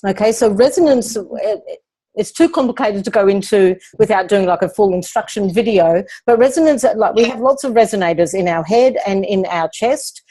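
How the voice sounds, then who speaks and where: A woman speaking coach explains her ideas in a calm, measured way. Her voice sits a little low and rounded. She teaches patiently, as in a question-and-answer session. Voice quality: lowish, resonant speaking voice.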